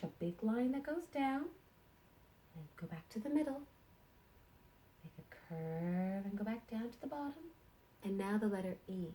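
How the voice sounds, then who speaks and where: A woman teaching sight words to young kindergarten children in a slow, encouraging sing-song way. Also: mid-range voice, dark tone.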